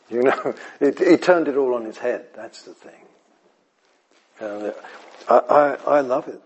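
A man delivering a sermon in a husky, slightly breathy voice at an unhurried pace. His pitch sits in a middle register. He swings from emphatic repeated phrases to soft near-whispers, and he often asks his audience whether he is making sense. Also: highs cut off. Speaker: preacher.

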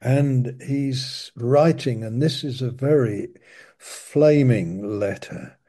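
A man teaching from the Bible in an informal, conversational way, slow and halting, often restarting his sentences. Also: mid-range voice, mellow. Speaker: preacher.

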